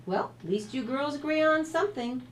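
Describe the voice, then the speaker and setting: A woman voicing a supportive mother who gives her daughter gentle, encouraging feedback. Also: high-pitched, expressive, brisk, a little hiss or hum, voice pushed up.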